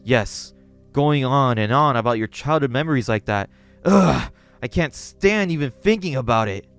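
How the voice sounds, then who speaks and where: A man's voice: mid-range voice, lively intonation, normal speed, fairly bright tone, clear, resonant tone, dry recording, faint music behind. A man voicing an obsessive gothic lolita woman who scolds sweetly and menacingly. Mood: accusing.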